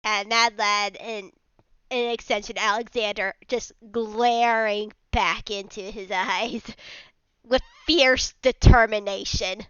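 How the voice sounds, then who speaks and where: A woman player in a tabletop game, talking casually and hedging with "like" as she describes her character's moves. Her voice is bright and clear, and her delivery is slow. The audio is dry and a bit dull, as over an online call. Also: medium pitch, fairly even intonation, dry recording.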